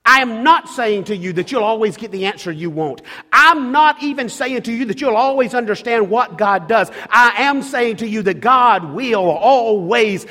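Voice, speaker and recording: A middle-aged male pastor with a notably high voice delivers a sermon, hammering home repeated phrases and stumbling into restarts as he presses each point. His words carry a long reverb, as if spoken in a large sanctuary. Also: expressive, moderate pace, sharp tone. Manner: emphatic, repetitive preaching with restarts.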